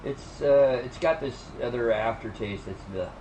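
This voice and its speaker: A man's voice: mid-range voice, moderate pace, darkish tone, reverberant, slight background noise, poor audio. A man from the United States chatting casually with friends, giving easygoing opinions. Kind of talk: casual gaming chat.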